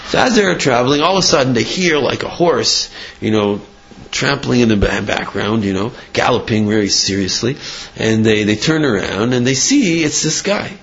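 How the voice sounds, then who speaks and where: A man telling a story to a class in an animated way, with frequent restarts and acted-out quotes. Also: mid-range voice, moderate pace, vocal fry, a little hiss or hum. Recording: muffled lo-fi recording.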